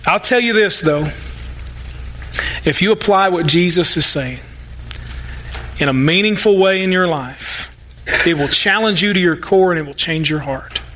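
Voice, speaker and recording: A man's voice: sits high, unhurried, pauses often, a bit bright, slight background noise. A male pastor preaching a sermon, folksy and emphatic, with joking asides and mock-sarcastic quotes.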